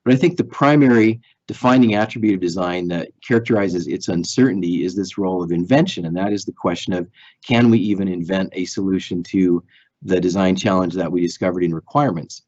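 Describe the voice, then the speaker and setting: A man giving a recorded software lecture, explaining thoughtfully with frequent fillers and restarts as he draws on slides. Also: sits low, a little fast, dull audio.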